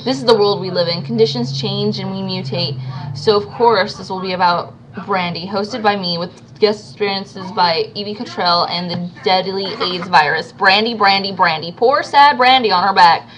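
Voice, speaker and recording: Woman reading a book out loud at home, trips on words and goes back, kinda bright tone. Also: medium pitch, steady tone, normal speed, low-quality recording. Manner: stumbles and restarts on words. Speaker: amateur reader. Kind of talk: reading a novel aloud.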